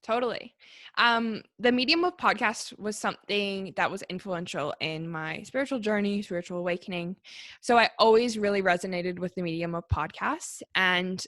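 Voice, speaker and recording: A woman's voice: mid-range voice, moderate pace, a bit bright, no room sound. Canadian woman in her 20s, podcast guest, easygoing chat with a dry, close sound. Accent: Canadian English. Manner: chatty, frequent "like" fillers. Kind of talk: casual conversation.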